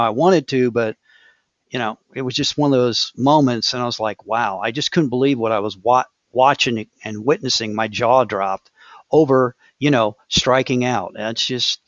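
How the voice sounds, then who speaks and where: A man's voice: medium pitch, no room sound. A man hosting a casual conversation, sharing a reflective story and stammering as he begins his sentences. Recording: dry dull lo-fi sound.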